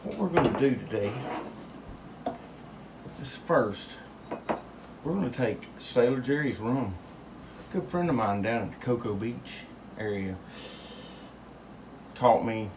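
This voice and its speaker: Rambling man mixing cocktails. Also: medium pitch. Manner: rambling, joking, drawling asides. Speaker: home cocktail show host. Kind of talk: casual cocktail demonstration. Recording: noisy home recording.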